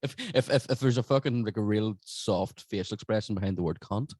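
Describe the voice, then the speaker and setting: A man's voice: on the low side, fast, darkish tone, dry recording, studio quality. A young Northern Irish man, a guest podcaster and stand-up comic, chatting casually with plenty of swearing and stumbling restarts. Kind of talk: casual unscripted chat.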